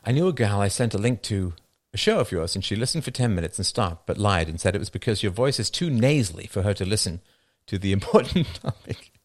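A man's voice: fairly low pitch, big pitch swings, a little fast, few pauses, dry recording, clean studio sound. A man hosting a show, giving casual commentary and answering chat with rhetorical questions and frequent laughs. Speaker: show host.

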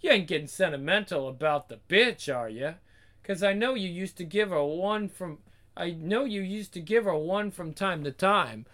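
A man doing a gruff, cursing ringleader. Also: high voice, lively intonation, moderate pace, fairly bright tone. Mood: scornful.

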